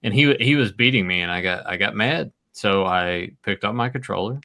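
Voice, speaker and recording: A man co-hosting a casual podcast, excitable and laughing as he tells stories. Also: lowish voice, normal speed. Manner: excitable, laughs a lot, stammers restarts. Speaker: podcast co-host.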